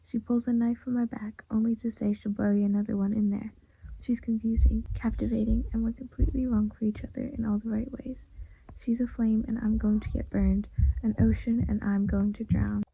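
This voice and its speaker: A woman reading as a teasing young prince, soft and whispery. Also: on the high side, level tone, fairly quick, gravelly, slightly rough, dull audio, full character voice. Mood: smitten. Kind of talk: reading a novel aloud.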